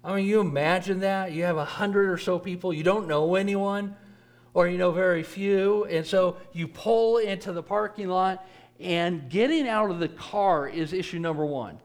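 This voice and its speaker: A man's voice: high voice, normal speed. A man preacher teaching a church class lesson, conversational and repeating words for emphasis.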